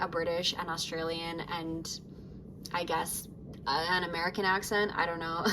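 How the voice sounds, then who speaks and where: A woman's voice: fairly low pitch, noisy background. A woman hosting a doll review vlog, talking chattily and laughing at herself. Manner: chatty, self-deprecating and affectionate. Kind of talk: casual vlog talk.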